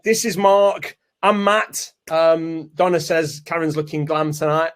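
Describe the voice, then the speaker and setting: A man's voice: a little high, fairly even intonation, unhurried, a little hiss or hum. A man hosting a live product launch webinar, chatty and salesy. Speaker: webinar host.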